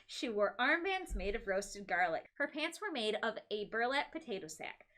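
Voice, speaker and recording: A young woman reads a novel aloud with comic commentary, her voice bright and crisp. Her pitch rises and falls a lot, and she drops into amused, chatty asides. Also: very animated, normal speed. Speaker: podcast co-host reading a novel aloud. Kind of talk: comedic read-aloud with commentary.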